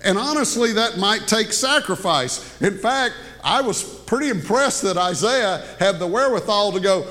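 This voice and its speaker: A male preacher with a slightly high voice talks to his congregation like a conversation. He drops into hushed asides and then lifts his voice to drive points home. A long reverb from the hall trails after his words. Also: animated, unhurried. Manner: conversational preaching, swinging between hushed asides and raised emphasis. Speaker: pastor. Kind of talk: sermon. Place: church sanctuary.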